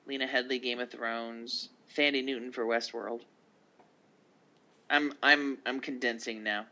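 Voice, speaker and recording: A man co-hosting a casual podcast chat, reading down a list of nominees with quick asides. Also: medium pitch, fairly even intonation, bright, forceful tone, lo-fi sound. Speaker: podcast co-host.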